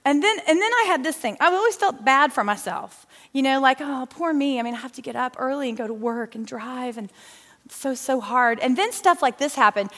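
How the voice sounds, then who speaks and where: A middle-aged woman teaching a lively church Bible lesson in a chatty, animated way, talking straight to her listeners. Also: a little high. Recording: long hall reverb.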